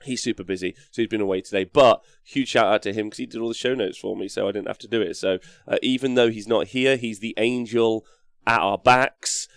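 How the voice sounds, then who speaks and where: A man hosting a live-streamed show, talking in a rambling, energetic way with a hoarse, worn-out voice as he reads out chat messages. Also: on the low side, dry recording, clean studio sound. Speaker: host.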